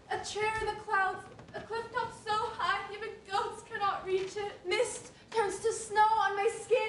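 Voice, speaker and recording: A woman's voice: very high-pitched, a bit bright. A woman playing a desperate, anguished maiden. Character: desperate young woman fleeing forced marriage. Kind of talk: school stage play performance. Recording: echoey stage from far off, faint hiss.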